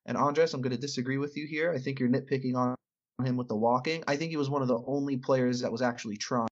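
A man of middle pitch talks at length and often restarts and hedges his sentences. He is co-hosting casual sports chat. The sound is muffled and lo-fi. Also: steady tone, fast talker. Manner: rambling, with many restarts and hedges. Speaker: podcast co-host.

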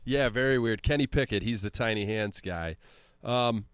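A man's voice: lowish voice, normal speed, smooth, dry recording, clean studio sound. A man co-hosting a casual sports podcast, talking in a laid-back way with frequent chuckles. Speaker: podcast co-host.

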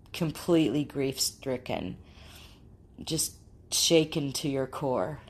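A woman hosting a talk show, speaking earnestly and gently about grief and quoting inner thoughts. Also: low-pitched.

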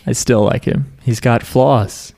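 A man's voice: mid-range voice, fairly even intonation, slow, creaky, warm tone. A man co-hosting a podcast, recapping an anime in a casual, rambling, jokey way. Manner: rambling, jokey, full of "like" and restarts. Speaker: podcast co-host.

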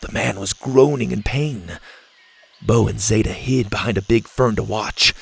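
A man narrating a children's adventure storybook with a steady, expressive reading. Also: fairly low pitch, a little slow, gravelly, breathy edge.

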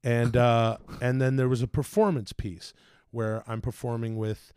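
Man, casual chat, animated profane storytelling, average pitch, dry close mic. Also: a little slow, smooth, dry recording. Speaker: podcast guest telling stories.

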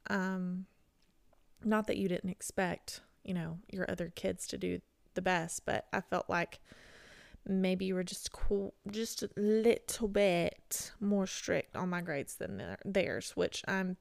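Heartfelt woman podcaster with a gravelly edge. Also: lowish voice, takes it slowly, dry recording. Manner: heartfelt, rambling, self-deprecating. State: tired voice, barely able to talk. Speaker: podcast host. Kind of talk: emotional solo podcast talk.

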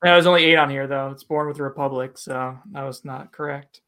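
A man's voice: mid-range voice, fairly even intonation, fairly quick, sharp tone. A man co-hosting a casual bourbon review chat, rambling and self-deprecating, with lots of fillers.

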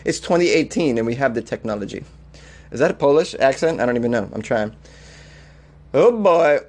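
A man's voice: medium pitch, expressive, a little fast, darkish tone. A man hosting a comedic weird-news podcast, reacting with incredulous laughter and riffing loosely between read-outs. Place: Los Angeles.

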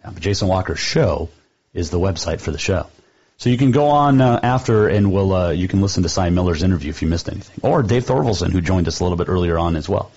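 Chatty husky-voiced sports radio host man. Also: low-pitched, lively intonation, quick pace, darkish tone, highs cut off. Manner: chatty, rambling, fond of trivia. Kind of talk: casual sports radio monologue.

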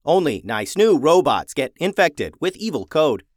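A man voicing an old male farm repair robot that talks in halting, stuttering, simple phrases. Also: on the high side, sing-song, no room sound, clean studio sound, voice pushed up.

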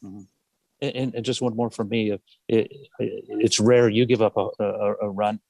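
A man's voice: on the low side, little pitch movement, moderate pace, vocal fry, a little mellow, dry recording. A man, a reporter, asking rambling press questions with many restarts.

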